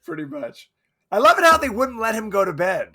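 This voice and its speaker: Chatting jokily about a movie on a podcast he co-hosts, this man speaks fairly quickly in a high voice with a breathy edge. His delivery is animated, and he often drops into voices when quoting.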